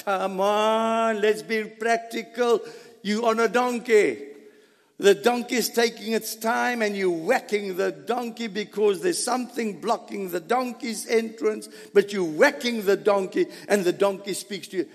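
A man preaching a sermon, animated, with sudden loud bursts and low asides. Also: unhurried. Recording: reverberant hall.

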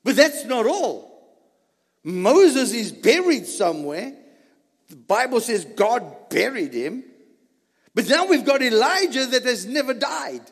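Animated high-voiced male preacher. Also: takes it slowly, slightly rough. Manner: animated, rhetorical questions to the congregation. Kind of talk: sermon. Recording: long reverb of a large hall.

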